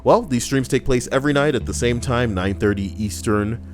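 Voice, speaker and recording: A man's voice: medium pitch, brisk, over music. A young man live streaming, chatting casually and reading viewer messages aloud in a rambling, crude, joking way.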